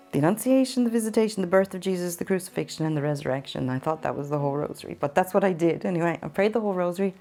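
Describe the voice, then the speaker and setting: A woman from Ireland giving an earnest, halting personal testimony in an interview, sometimes emotional. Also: fairly low pitch, dark tone. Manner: earnest, halting storytelling with restarts. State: emotional at times. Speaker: interview guest.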